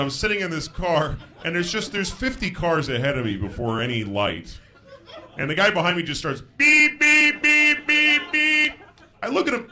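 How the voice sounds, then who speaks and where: A man doing a stand-up comedy set, telling stories in a dry, deadpan way that breaks into high shouted bits. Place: live on stage before a laughing crowd. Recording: live show with audience laughter.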